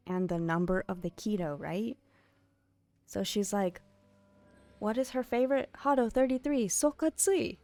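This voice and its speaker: A woman's voice: fairly low pitch, a little mellow, clear, resonant tone. Chatty young woman streamer. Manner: chatty, giggly, storytelling. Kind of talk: casual chat while gaming on stream.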